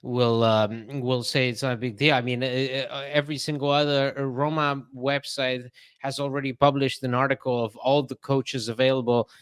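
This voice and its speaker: Man, podcast co-host, casual chat, wry, easy laughs, filler words, mid pitch. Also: flat delivery, normal speed, hardly any pauses, clean tone.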